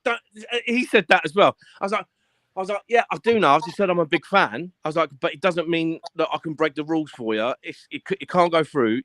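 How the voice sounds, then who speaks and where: A man telling stories in a casual live-stream chat, animated and full of swearing, acting out what people said. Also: on the high side, no echo. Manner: animated storyteller, swears a lot, acts out quotes.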